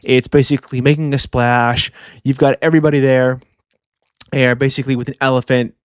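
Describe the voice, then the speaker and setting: A man's voice: medium pitch, fairly quick, clean tone, no room sound, studio quality. Slangy young man hosting a manga review. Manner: animated, slangy, does voices for characters. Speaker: manga review channel host. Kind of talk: casual video commentary.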